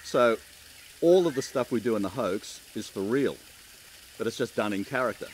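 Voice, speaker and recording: A middle-aged man with an Australian accent, giving chatty, relaxed interview answers and laughing easily. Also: medium pitch, normal speed, slight background noise, poor audio. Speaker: keynote speaker.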